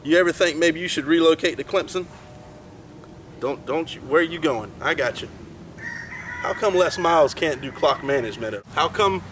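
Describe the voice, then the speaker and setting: A man's voice: fairly high pitch, moderate pace, pauses often, a bit bright, a little hiss or hum, rough recording. A young man, teasing and mock-scolding as he trash-talks a rival team. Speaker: college football fan. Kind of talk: comedic trash talk.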